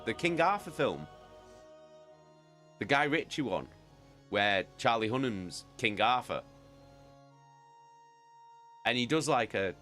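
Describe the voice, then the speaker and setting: A man's voice: medium pitch, a bit bright. A British man chatting casually with viewers as a streamer, rambling and swearing freely. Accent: British English. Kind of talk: casual chat.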